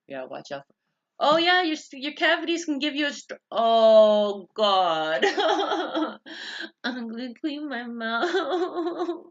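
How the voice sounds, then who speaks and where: Casual vlog monologue, rambling and tangential, with a raspy fry and a dull lo-fi sound. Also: medium pitch, fairly bright tone. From United States. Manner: rambling, tangential, self-interrupting. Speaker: vlogger. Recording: dull lo-fi recording.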